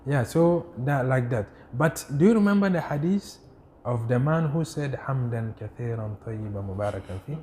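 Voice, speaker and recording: A man teaching a class on religion, who keeps asking rhetorical "what?" questions, answers them himself, and recites Arabic quotations quickly. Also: mid-range voice, lively intonation, dark tone, a little hiss or hum. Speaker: Islamic studies teacher.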